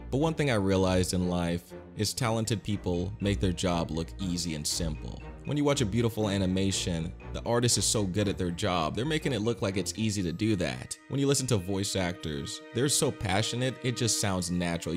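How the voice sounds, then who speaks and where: A man hosting a video commentary, deliberately putting energy and passion into his delivery. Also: low voice. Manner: puts on an animated, lively delivery. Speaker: YouTube commentary host.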